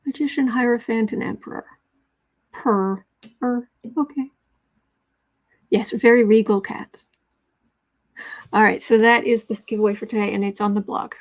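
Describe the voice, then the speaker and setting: A woman's voice: a little high, fairly even intonation, moderate pace, long pauses. A woman from the United States hosting a casual tarot livestream from home, rambling and chatty, with asides to her cat, speaking into a fixed mic off to one side. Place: home room.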